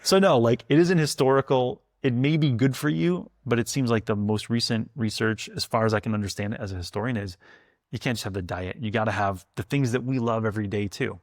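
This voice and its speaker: A man's voice: medium pitch, fairly quick, no room sound, studio quality. A man, a food historian, chatting as a podcast guest and telling stories with jokey asides. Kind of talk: casual podcast conversation.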